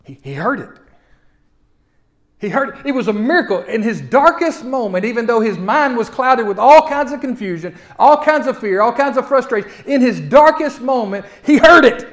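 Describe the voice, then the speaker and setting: A male pastor, preaching a folksy sermon that swings from loud to hushed and often repeats his opening words. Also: very high-pitched, lively intonation, normal speed, hardly any pauses. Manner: repeats words when starting sentences.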